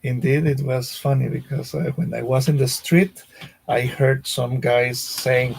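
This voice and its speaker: A man joining a casual chat as a guest, telling a short story in a measured, dry way. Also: mid-range voice, fairly even intonation, gravelly, slight background noise, low-quality recording.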